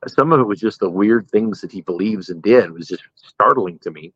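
A man's voice: on the low side, fairly quick, dry recording, dull audio. A middle-aged man, a pastor, telling stories from his life in a casual interview and laughing at his own jokes.

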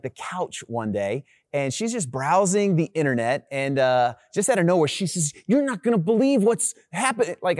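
A young adult man, a pastor, telling a personal story in a sermon in an animated, conversational way with many fillers. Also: mid-range voice, no echo. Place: online church gathering recording.

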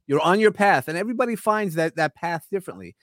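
A man's voice: high-pitched, animated, quick pace, a bit bright, no echo, studio quality. A man with a New York accent, a podcast host and coach, talking earnestly and at length as a guest in an interview. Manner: rambling, earnest, repeats words when starting. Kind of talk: casual interview talk.

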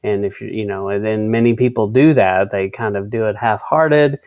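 A man's voice: fairly low pitch, moderate pace, darkish tone, dry recording, dull audio. A man co-hosting a casual Bible-study discussion, often restarting his sentences and reading out word definitions. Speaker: co-host of a faith discussion.

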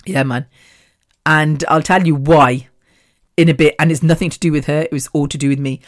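A woman's voice: deep voice, steady tone, brisk. A woman hosting her own podcast in a casual, rambling solo chat, laughing often between thoughts. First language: Punjabi. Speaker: podcast host.

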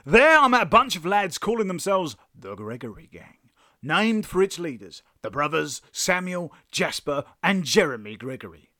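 A man playing a cocky, cheeky highwayman telling his story in a comedy sketch. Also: sing-song, normal speed, bright, forceful tone, dry recording, clean studio sound. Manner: boastful, cheeky. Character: cocky roguish male highwayman.

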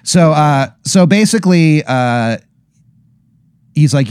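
A man's voice: mid-range voice, very animated, unhurried, a little mellow, no room sound, studio quality. A young man telling a long comedic hypothetical, rambling and profane, with many fillers. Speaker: podcast co-host. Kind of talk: comedic storytelling.

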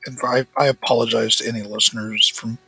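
Gravelly wisecracking male player. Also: mid-range voice, little pitch movement, brisk, pushed and bright, rough recording. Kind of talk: casual banter at a tabletop game.

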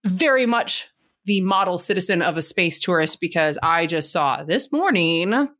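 A woman's voice: fairly low pitch, expressive, normal speed, a bit bright. A woman hosting a casual space podcast who talks in a rambling way and laughs often. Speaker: podcast host. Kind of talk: casual chat.

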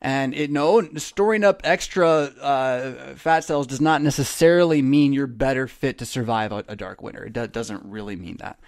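A man's voice: medium pitch, normal speed, hardly any pauses. A man hosting a casual monologue, rambling and preachy, with many fillers and restarts. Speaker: host.

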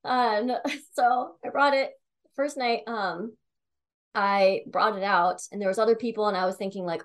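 A woman's voice: mid-range voice, normal speed. A young woman telling a personal story in a casual, chatty way, full of "like" and "um", with the odd swear. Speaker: tarot reader.

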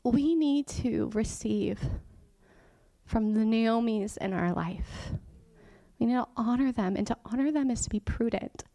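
A guest church teacher delivers a conversational sermon in a voice on the high side, at a measured pace with a warm tone. She's chatty and informal, laughs often, and drops to a whisper to make a point. There is no room sound.

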